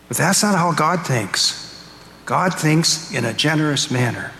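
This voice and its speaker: Storytelling priest in echoey church. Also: male voice, fairly high pitch, expressive, unhurried, bright, forceful tone, a little hiss or hum. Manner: storytelling, acts out quotes. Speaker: pastor. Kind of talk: sermon. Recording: echoey church hall, faint ambience.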